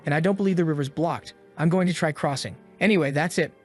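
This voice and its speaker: A man's voice: on the high side, fast, faint music behind, lightly acted. A man reading the lines of a proud teenage girl who speaks curtly and defiantly. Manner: curt, defiant. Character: proud teenage girl, former class queen.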